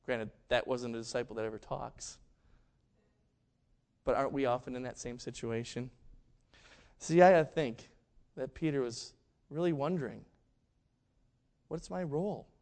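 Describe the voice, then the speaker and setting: A man preaching a sermon, telling a story and acting out the quoted lines with big swings between loud and quiet. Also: mid-range voice, moderate pace, long pauses. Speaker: pastor.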